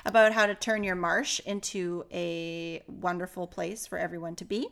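Bright-voiced playful young woman. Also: on the low side, fairly even intonation, moderate pace, gravelly. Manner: playful, giggly, drifting off topic. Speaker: podcast co-host. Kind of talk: casual chat.

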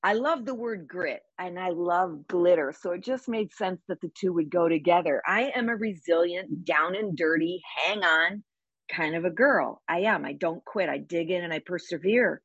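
A woman talking on a podcast with a husky, slightly low voice. She speaks with energy and emphasis, plainspoken and fond of vivid sayings. The sound is dull and dry. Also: moderate pace, no echo. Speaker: podcast guest. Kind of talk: conversational interview.

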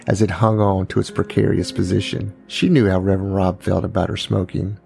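A man narrating a true crime family story as a podcast host, unhurried and pausing, now and then voicing the people in it. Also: deep voice, level tone, vocal fry, darkish tone, faint music behind.

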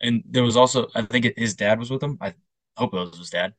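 With a medium-pitched voice at a quick pace, this young male podcast co-host brings his casual stories to life, doing impressions of other people. There's no room sound.

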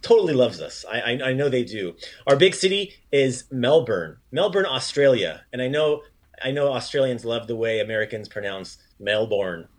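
A man hosting a relaxed podcast lesson, mid-pitched and encouraging. He praises often and slows down to model each phrase. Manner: upbeat, encouraging, repeats phrases slowly. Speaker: language teacher, podcast host. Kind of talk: casual podcast language lesson.

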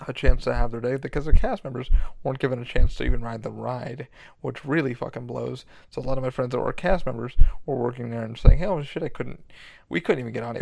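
A man hosting a podcast, talking in a rambling, excitable way and swearing a lot. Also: medium pitch, gravelly, no room sound. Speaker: podcast host. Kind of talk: casual monologue.

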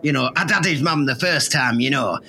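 A man's voice: mid-range voice, a little fast, a loud crowd, voice pushed down, lightly acted. A man voicing a crude, cheerful football club chairman, boasting and chuckling. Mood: boastful.

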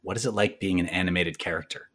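A man's voice: low voice, fairly even intonation, fast talker, pushed and bright. A man hosting an interview, asking questions with enthusiasm. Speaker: interview host.

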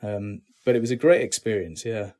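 A middle-aged British man, an actor, talking casually in an interview, relaxed and self-deprecating with many restarts. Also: fairly low pitch, normal speed. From Britain.

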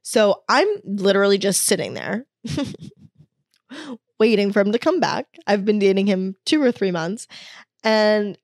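A woman's voice: mid-range voice, expressive, unhurried, vocal fry, long pauses, no echo. Young woman vlogger, confessional and candid, swears freely, dry close sound. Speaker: wellness vlogger. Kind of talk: confessional storytelling.

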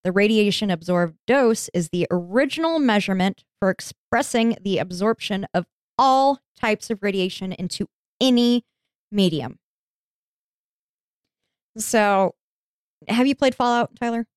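A woman's voice: mid-range voice, lively intonation, a little slow, pauses often, clean tone, dry recording, studio quality. A woman hosting a podcast, telling a history story in a chatty, informal way and swearing casually. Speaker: podcast host.

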